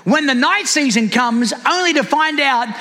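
A man's voice: very high-pitched, expressive, moderate pace, pushed and bright, big-room sound. A man preaching a sermon as a pastor, calling out to the congregation with rising fervor.

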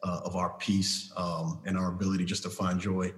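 A man's voice: sits low, monotone, a little fast, a bit bright, echoey room, big-room sound. A man guest speaking on a video call, thoughtful and hesitant with many fillers.

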